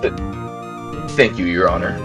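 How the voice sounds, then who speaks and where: A man's voice: deep voice, normal speed, voice pushed down, natural voice. A man voicing a nervous young defense attorney, narrating earnestly while reading a game aloud. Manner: earnest first-person narration. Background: game music.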